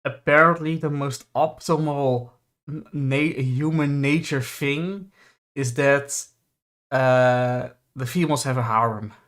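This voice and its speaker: Halting man chatting on a stream. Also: mid-range voice, a bit bright. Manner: halting, many restarts and fillers. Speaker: podcast co-host. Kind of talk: casual stream chat.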